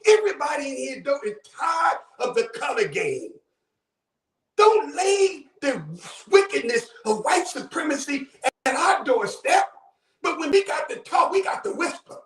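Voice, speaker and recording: A Buffalo, New York man phones a talk show with impassioned, preacher-style remarks, frequently getting loud. He speaks in a very high, sing-song voice, a little slowly, with a slightly bright tone. The sound is roomy, captured far from the mic.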